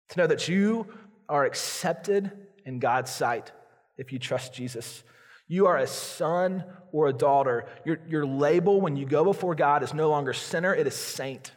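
A man preaching a sermon as a pastor, earnest and confessional, acting out the inner prayers of his listeners. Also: on the high side. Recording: long hall reverb.

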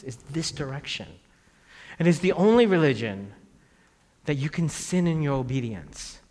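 A man in his thirties preaching a sermon in a conversational way, dropping his voice low on key phrases. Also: animated, normal speed. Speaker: pastor. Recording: long reverb of a church hall.

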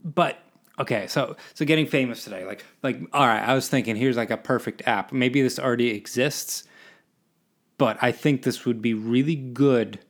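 Rambling young podcast host. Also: male voice, medium pitch, moderate pace. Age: 20s. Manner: rambling, self-deprecating, drifting between topics. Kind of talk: solo podcast monologue.

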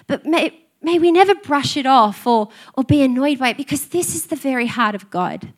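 A woman's voice: sits high, expressive, normal speed. A middle-aged woman, preaching a sermon in an earnest, conversational way and telling personal stories. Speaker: pastor.

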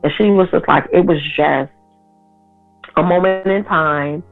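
Woman, 30s, interview guest, personal storytelling, animated, gravelly, tinny lo-fi sound. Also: lowish voice, a little slow, faint music behind. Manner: animated, acts out others' lines in her story.

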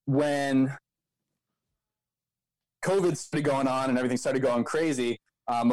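A man's voice: mid-range voice, a little mellow, no room sound, rough recording. A young man from the Philadelphia area telling a long story in casual podcast chat, full of "like" and "um". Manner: rambling storyteller, lots of "like" and "um". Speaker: co-founder of a local news outlet, co-host.

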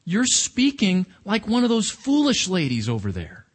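A man's voice: high voice, wildly swooping pitch, normal speed, slightly rough. A man preaching a sermon in a conversational, emphatic way, with rhetorical questions to his listeners.

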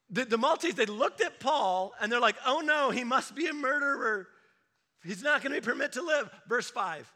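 A male pastor preaching with a high, bright, forceful voice. He talks animatedly, acting out the voices of people he quotes for laughs. It is a lively sermon style.

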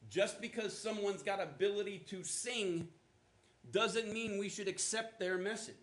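Casting: male pastor, casual preaching style, slightly high voice, roomy church sound. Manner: conversational preaching, asides and acted quotes. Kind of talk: sermon. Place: church auditorium.

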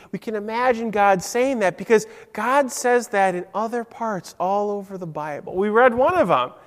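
A man's voice: sits high, long reverb tail. A man preaching a simple story-style sermon, asking his listeners questions. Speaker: preacher giving a children's message.

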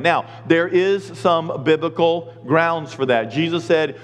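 A middle-aged man preaching a sermon as pastor, animated and acting out the voices of people and God. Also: fairly high pitch, unhurried, hardly any pauses, in a large hall.

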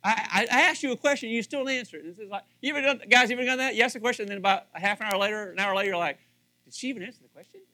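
A man's voice: sits high, racing, few pauses. A middle-aged male pastor preaching a sermon, acting out little scenes and repeating phrases for emphasis. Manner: animated, acts out dialogue, repeats phrases for emphasis.

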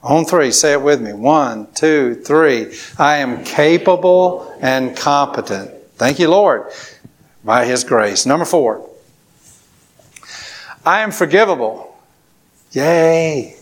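Male pastor, emphatic sermon delivery, slightly high-pitched, call-and-response with the room. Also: animated, takes it slowly. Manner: emphatic preaching with repetitions and congregation call-and-response.

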